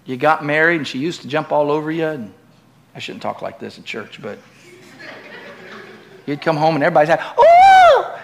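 A middle-aged man preaching in church with a slightly high voice. He climbs into loud, emphatic peaks, then drops into easy, joking talk with the congregation. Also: a little fast, creaky, long pauses, a little hiss or hum. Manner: swings from loud preaching to chatty asides with the congregation. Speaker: pastor. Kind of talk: sermon.

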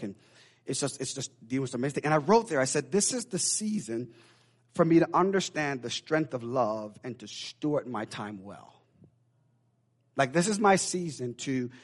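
A man preaching a sermon, telling a personal story with many restarts and repeated words. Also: fairly high pitch. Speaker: pastor.

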